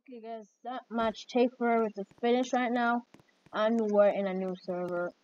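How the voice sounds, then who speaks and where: A woman hosting gameplay commentary, excitable and reacting with repeated exclamations. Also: fairly high pitch, moderate pace. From Jamaica. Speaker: gaming channel host. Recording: dull lo-fi mic with faint noise.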